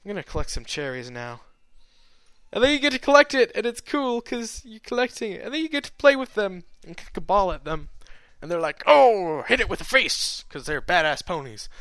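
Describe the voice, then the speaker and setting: Young male audiobook reader, high clear voice, chatty and meandering, dry close sound. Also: sing-song, brisk, fairly bright tone, dry recording. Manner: chatty, meandering, full of fillers and restarts. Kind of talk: rambling author's note.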